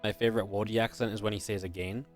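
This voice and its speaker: A man from Northern England with a mild Geordie accent, casting an esports match with chatty, laid-back talk between plays and quick, lively calls during fights. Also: on the low side, faint music behind. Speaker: esports caster. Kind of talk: live game commentary with casual chat.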